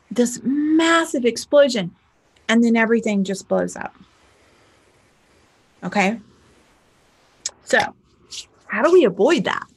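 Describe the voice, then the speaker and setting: A woman spiritual teacher and life coach, teaching casually to a camera in a chatty, animated way, often checking in with "okay?" and acting out both sides of an argument. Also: a little high.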